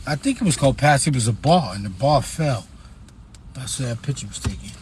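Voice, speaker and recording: A man with a New York accent talks casually and bluntly on a livestream, swearing freely and rising into loud, emphatic bursts when he presses a point. He speaks at an ordinary pitch for a man. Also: slight background noise. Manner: loose, profane and talkative, with sudden loud emphatic bursts. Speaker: author selling his books. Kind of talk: casual livestream chat with a book reading.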